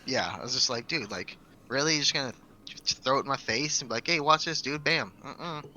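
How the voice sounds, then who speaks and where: Over slight background noise, a man speaks fairly quickly in a mid-range voice with a sharp tone. Co-hosting a podcast, he chats casually and spins rambling stories in a relaxed, meandering way.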